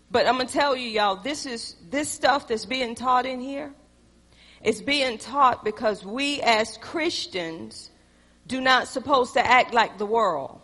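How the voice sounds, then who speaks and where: Woman preaching in a reverberant church. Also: on the high side. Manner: folksy, conversational, dramatic shifts to hushed pleading. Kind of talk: sermon with acted-out skits. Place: church sanctuary. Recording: long hall reverb.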